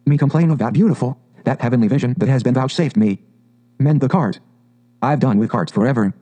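A man voicing a conceited, car-obsessed male toad who speaks in a dreamy, drawn-out and rapturous way, in a storybook reading. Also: medium pitch, warm tone, natural voice, poor audio.

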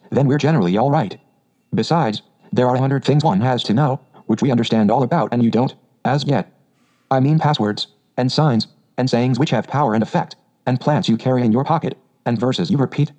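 A man voicing a kind, practical male water rat, reading his lines in a steady, matter-of-fact way. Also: mid-range voice, muffled recording, lightly acted.

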